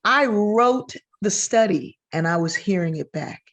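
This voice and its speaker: Older woman telling lively stories. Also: medium pitch, a little slow. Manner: animated, acts out quoted voices. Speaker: guest sociologist. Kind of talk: storytelling in a podcast interview.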